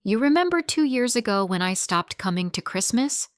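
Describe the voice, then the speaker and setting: A woman voicing a worried grown daughter who sounds tired and guarded, speaking softly and hesitantly. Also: fairly high pitch, sing-song, moderate pace, dry recording, studio quality, pitched above the performer's own voice. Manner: soft, hesitant.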